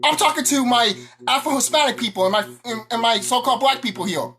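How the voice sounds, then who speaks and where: Woman vlogger, heated profane rant, pitch swinging widely. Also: animated, fast, hardly any pauses, a bit bright. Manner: angry, profane, confrontational. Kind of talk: ranting monologue to camera.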